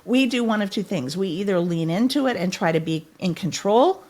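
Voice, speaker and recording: A woman's voice: medium pitch, animated, a little fast, darkish tone. A middle-aged woman, a podcast guest, telling a personal story in an earnest, heartfelt way. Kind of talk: podcast interview.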